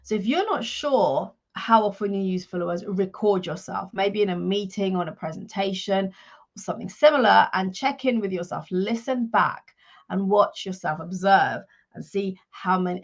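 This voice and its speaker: A woman's voice: medium pitch, normal speed, lo-fi sound. A woman career coach giving instructive advice in a live-streamed coaching talk.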